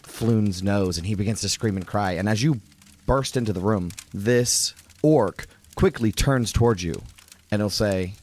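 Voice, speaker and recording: A man narrating a tabletop role-playing game as dungeon master, describing scenes in a lively way. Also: lowish voice, measured pace.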